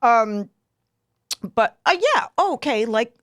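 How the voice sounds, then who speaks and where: A middle-aged woman, hosting a podcast and telling a story in a lively, laughing way. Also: on the high side, slow, no room sound, studio quality. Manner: animated, laughs a lot, acts out quotes. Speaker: podcast host. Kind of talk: casual storytelling chat.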